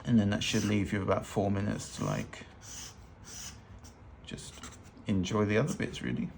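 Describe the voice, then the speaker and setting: A man's voice: on the low side, moderate pace, gravelly, a little mellow, a little hiss or hum. A man teaching fashion illustration in a loose, chatty, self-deprecating way while he draws. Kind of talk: casual drawing tutorial narration. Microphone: hands-only overhead camera.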